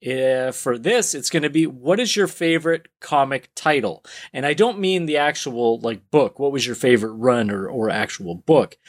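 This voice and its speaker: A man's voice: medium pitch, moderate pace, few pauses. A man hosting a comic book podcast, leading the chat with jokes and questions. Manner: animated, joking, asks questions. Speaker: podcast host. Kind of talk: casual chat.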